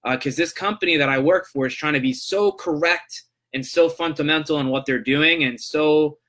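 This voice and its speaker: A man's voice: on the high side, moderate pace, fairly bright tone. A man hosting a casual solo podcast, talking in a loose, rambling way and checking in with "right?". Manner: rambling, loose and conversational, tags lines with "right?". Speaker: podcast host.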